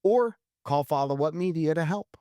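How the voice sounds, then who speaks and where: A man's voice: fairly high pitch, lively intonation, normal speed, mellow, dry recording, studio quality. A man co-hosting a casual marketing podcast, laying out tips in a blunt, emphatic way and swearing freely. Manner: blunt, profane, emphatic, lays out numbered tips. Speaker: podcast co-host.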